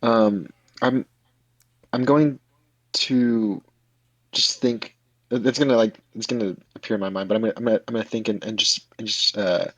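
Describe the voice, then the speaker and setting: A man's voice: on the low side, fairly even intonation, normal speed, long pauses, dry recording, low-quality recording. A man playing a tabletop game, talking hesitantly with many fillers. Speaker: player.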